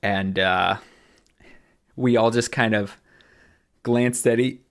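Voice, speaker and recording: A man chatting casually on a livestream from home, halting with many fillers and a dry, formal humor. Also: medium pitch, fairly even intonation. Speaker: streamer. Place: home room.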